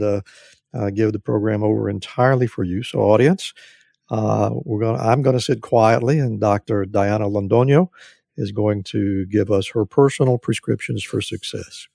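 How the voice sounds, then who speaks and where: A man hosting a podcast interview, speaking in a measured way with frequent uhs. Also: on the low side, gravelly, dark tone, dry recording, clean studio sound. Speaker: podcast host.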